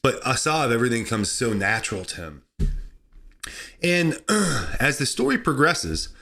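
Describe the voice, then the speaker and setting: A man hosting a comedy podcast, talking sarcastically and excitably, laughing at his own jokes. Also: mid-range voice, normal speed. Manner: sarcastic, excitable, mock-outraged asides. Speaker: podcast host.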